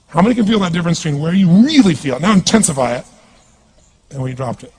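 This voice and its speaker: A man's voice: on the high side, animated, fast talker, a little mellow, breathy edge. A man giving an intense, commanding motivational speech on stage and calling for responses from the audience. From California. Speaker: motivational speaker.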